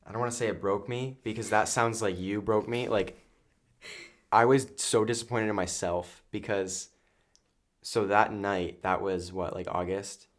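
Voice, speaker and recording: A man's voice: lowish voice, steady tone, measured pace. A young man talking as a podcast guest in casual chat, earnest and rambling with many fillers.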